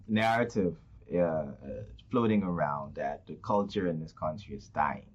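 A man hosting an interview, asking questions in a lively way with drawn-out fillers. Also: sits low, breathy edge. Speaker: host. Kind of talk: casual interview. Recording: muffled lo-fi audio.

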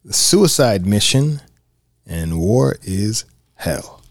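A man with an average-pitched voice co-hosts a podcast, talking casually through his memories of a film. He speaks in a relaxed, unhurried way and stumbles over repeated words as he gathers his thoughts. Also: no echo, studio quality. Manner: relaxed, conversational, repeats words when thinking. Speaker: podcast co-host. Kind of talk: casual film commentary chat.

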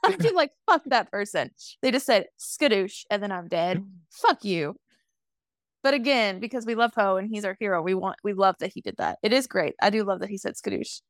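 A woman in her twenties chatting casually as a podcast co-host, recapping a film with sass, swearing freely and acting out lines in quick voices. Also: medium pitch, lively intonation, no echo, clean studio sound. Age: 20s. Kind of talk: casual movie recap chat.

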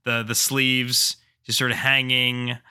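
A man's voice: medium pitch, flat delivery, slow pace, pushed and bright, smooth. A man, telling a rambling story on a casual podcast, with lots of fillers. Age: 30s. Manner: rambling, loose, with frequent fillers. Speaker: podcast co-host.

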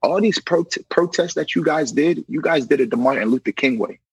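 A man's voice: fairly high pitch, brisk, husky, no echo, poor audio. A young man, a correctional officer, telling a personal story casually and acting out what others said. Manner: animated, acts out quoted dialogue; conversational, frequent "you know".

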